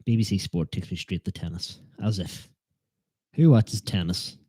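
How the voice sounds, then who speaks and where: A man's voice: low-pitched, normal speed, warm tone, slightly rough, dry recording. A man hosting a live football watchalong stream, chatting in a joking, self-deprecating way and teasing his viewers. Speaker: fan channel host.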